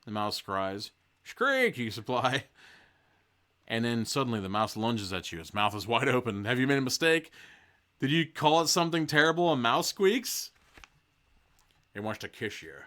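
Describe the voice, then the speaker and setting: A man's voice: on the low side, a bit bright. A man hosting a podcast, casually reading a gamebook aloud and breaking off with profane, joking asides. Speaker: podcast host.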